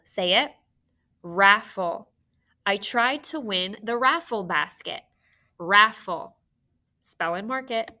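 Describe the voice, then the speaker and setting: A woman teacher giving a phonics spelling lesson, dictating words and slowly spelling out letters for young students. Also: medium pitch, pushed and bright.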